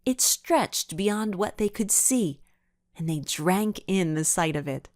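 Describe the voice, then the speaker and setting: A woman reads a kids' mystery aloud in a fairly low voice, yet her pitch rises and falls with lively storytelling expression. The recording is close and dry, with no room sound. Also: slow pace, no echo. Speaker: audiobook narrator. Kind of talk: scripted narration.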